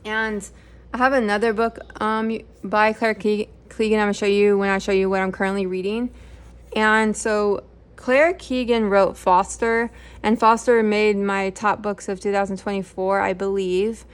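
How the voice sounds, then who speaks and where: In a relaxed book review chat, this book channel host, a middle-aged woman, wanders through titles she has read with plenty of fillers and self-corrections. Her voice is mid-range, clear and resonant, delivered at a normal speed in a level tone.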